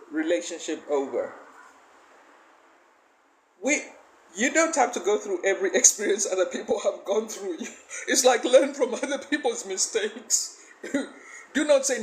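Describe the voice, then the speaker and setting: A woman's voice: mid-range voice, low-quality recording. A woman life coach giving a faith-based motivational talk. She speaks emphatically, asks the listener questions and often breaks into laughter.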